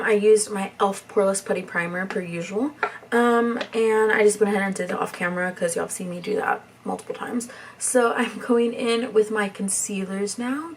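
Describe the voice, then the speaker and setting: A young woman, talking softly through a makeup tutorial in a rambling, near-whispered way. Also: medium pitch, far from the mic, a little hiss or hum. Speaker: beauty vlogger.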